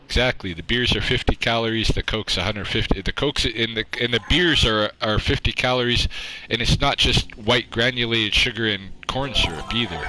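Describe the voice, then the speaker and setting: A man's voice: medium pitch, normal speed, few pauses. A man chatting with his viewers on a livestream into his own microphone, rambling and self-deprecating, with lots of fillers and casual swearing. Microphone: own microphone close up. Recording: clear background noise.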